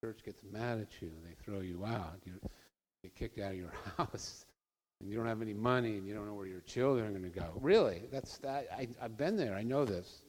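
A man's voice: fairly low pitch, a little fast, darkish tone. A man giving an informal, earnest talk to an audience, conversational and sometimes emphatic. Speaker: speaker addressing an audience. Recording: long hall reverb.

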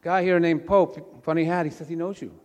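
A man's voice: fairly high pitch, fairly even intonation, brisk, darkish tone, pitched above the performer's own voice, close to an everyday voice. A man playing a brusque, cigar-smoking old gatekeeper saint who brushes visitors off, in a long church reverb. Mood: breezy. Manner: curt, dismissive.

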